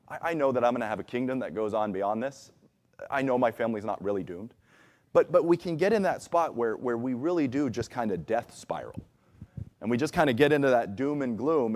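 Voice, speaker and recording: A man's voice: mid-range voice, animated, a little fast, a little mellow. A man preaching a conversational sermon in a church, acting out the voices he quotes. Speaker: pastor. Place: church sanctuary.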